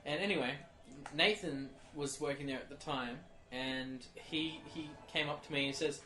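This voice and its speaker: A young man co-hosting a casual podcast chat tells stories with animation, performing the shop clerks' lines when he quotes them. His voice is a little high and his pace normal. The room is echoey, with faint noise.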